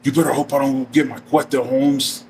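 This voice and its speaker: A man's voice: medium pitch, level tone, normal speed, a little mellow, close to an everyday voice. A man voicing a lean, tattooed ex-convict who makes threats in street slang, in a slightly distant recording with faint noise behind. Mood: threatening.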